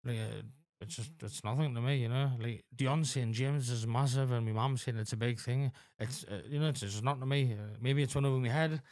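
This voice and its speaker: A man in his forties talking candidly as a podcast guest, halting with lots of fillers and frequent swearing. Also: medium pitch, darkish tone, dry recording, studio quality. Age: 40s. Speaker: podcast guest in addiction recovery. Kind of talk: candid conversational interview.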